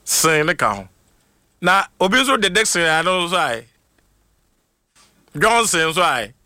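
A man hosting a casual livestream, reading out viewers' names in a lively mix of Twi and English and laughing often. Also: sits high, unhurried, no echo, studio quality. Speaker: livestream host. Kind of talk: casual live shout-outs.

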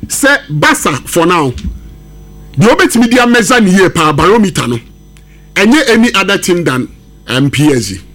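A man's voice: high-pitched, very animated, normal speed, a bit bright. A man giving emphatic football analysis on a sports radio show, switching between English and Twi. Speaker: football pundit.

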